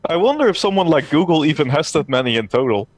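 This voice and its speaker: A man's voice: fairly high pitch, very animated, fast talker, no echo. A man joining a tech chat over a video call. He asks curious questions. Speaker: call-in participant.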